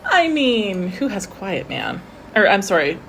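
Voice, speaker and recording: A woman co-hosting a casual whiskey tasting, chatty and quick to laugh at herself. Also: medium pitch, very animated, gravelly, a bit bright, a little hiss or hum. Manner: chatty, laughs often, self-deprecating.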